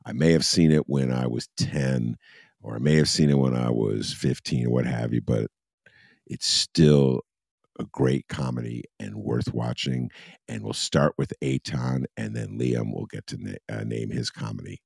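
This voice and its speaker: Very deep gravelly-voiced male host. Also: a little slow, darkish tone, no echo, studio quality. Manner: chatty, rambling, self-described obsessive. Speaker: podcast host. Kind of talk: casual interview.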